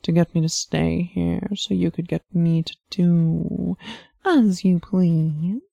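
A woman's voice: on the low side, steady tone, vocal fry, warm tone, no echo, exaggerated voice. Woman voicing a purring seductive demoness. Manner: slow, purring, teasing. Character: seductive teasing female demon, tall and clawed.

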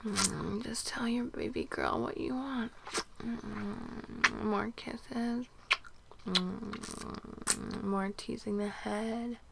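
A young adult woman in a whispered role-play, murmuring softly with breathy little giggles. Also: mid-range voice, steady tone, drawn-out words, long pauses, background noise. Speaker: audio role-play performer.

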